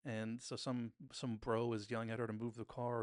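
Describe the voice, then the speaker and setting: A man's voice: medium pitch, little pitch movement, moderate pace, darkish tone, no room sound, studio quality. A man hosting a podcast, casually recapping a TV episode scene by scene, briefly mimicking the characters' lines.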